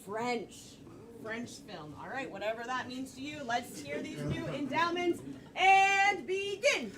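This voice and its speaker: A woman hosting a live improv comedy show, calling for audience suggestions in an upbeat, brisk, joking way. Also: a little high, lively intonation, crowd noise. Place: comedy theater stage. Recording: distant mic in a noisy live room.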